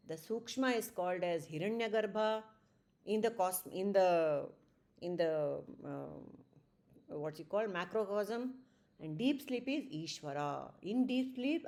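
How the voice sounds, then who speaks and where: A woman's voice: medium pitch, expressive, unhurried. A woman teaching a spiritual lesson to a study circle, speaking conversationally with fillers and tag questions.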